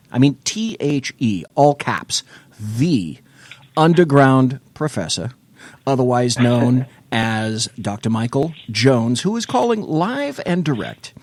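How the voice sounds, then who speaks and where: A man's voice: medium pitch, animated, slow pace, a little mellow. A man hosting a late-night call-in talk show, joking and bantering with salty asides.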